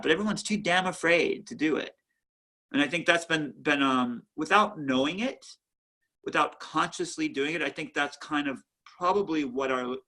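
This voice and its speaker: A man who founded a museum chats in an interview at home, an animated storyteller who repeats and restarts his words. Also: mid-range voice, gravelly. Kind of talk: casual interview chat.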